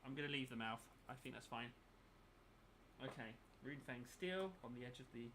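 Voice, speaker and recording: Expressive and a bit bright, this man's mid-range voice moves at a moderate pace, with slight background noise behind it. As host of a miniature painting channel, he chats casually and mutters his thoughts aloud while painting.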